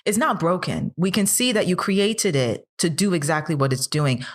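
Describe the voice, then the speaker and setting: A woman's voice: lowish voice, expressive, moderate pace. A woman in her thirties talking casually as a podcast co-host, earnest and questioning, building up as she makes her point. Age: 30s. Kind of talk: casual chat.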